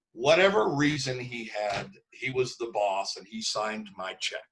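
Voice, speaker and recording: A man in his sixties from Canada, a drummer guest telling stories in a relaxed interview, slipping into voices for the people he quotes. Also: fairly low pitch, measured pace, few pauses, slight background noise, low-quality recording. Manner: lively storyteller who acts out quoted voices. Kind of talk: casual interview storytelling.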